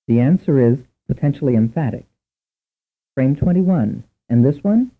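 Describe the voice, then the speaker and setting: A man reading scripted instructions for a language course in a measured, precise lecturing manner. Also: medium pitch, expressive. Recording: tinny narrow-band recording.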